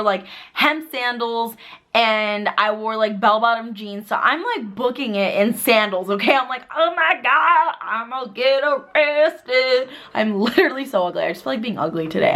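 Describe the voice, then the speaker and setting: A woman in her twenties telling a story to camera in a chatty, filler-heavy way, bursting into excited quoted voices. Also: fairly high pitch. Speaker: vlogger. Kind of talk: casual storytime vlog.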